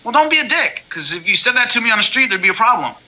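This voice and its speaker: Man, high bright voice, rapid, blunt storyteller, casual interview guest. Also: poor audio. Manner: blunt, animated storytelling with frequent restarts. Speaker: MMA color commentator, guest.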